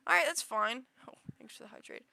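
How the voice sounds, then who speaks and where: A woman's voice: sits high, expressive, a little fast, vocal fry, pushed and bright, no room sound. A woman livestreaming, chatting casually with viewers in a rambling, giggly way full of fillers. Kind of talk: casual chat with stream viewers.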